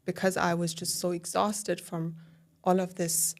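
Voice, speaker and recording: Speaking unhurriedly in a fairly low voice, this podcast guest tells her own story candidly and conversationally. She animates the retelling with quoted inner dialogue and leans heavily on fillers.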